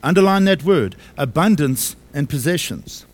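A man's voice: on the high side, animated, moderate pace. A man preaching a sermon to his congregation, emphatic, repeating key phrases and asking them questions. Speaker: pastor. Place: church service.

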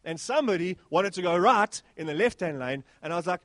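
A high-pitched man delivers a sermon in church. He talks animatedly, calling out to the congregation. The sound is dry and close. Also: fairly quick, dry recording. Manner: animated, exclaiming, sweeping pitch swings. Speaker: pastor.

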